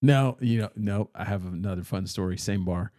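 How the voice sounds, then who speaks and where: A man's voice: fairly low pitch, moderate pace, dark tone, no echo, studio quality. A man co-hosting a podcast, chatting casually and telling rambling, self-deprecating stories into a podcast mic. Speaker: podcast co-host.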